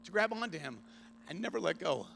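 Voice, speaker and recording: A priest in his thirties gives a keynote talk in a fairly high voice, telling a story earnestly. He often drops to a hush, then lifts his voice as the feeling grows. A faint hum sits under the recording. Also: animated, fairly quick, creaky. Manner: earnest storytelling, often hushed, rising with emotion. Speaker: priest giving a conference keynote. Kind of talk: youth conference keynote talk.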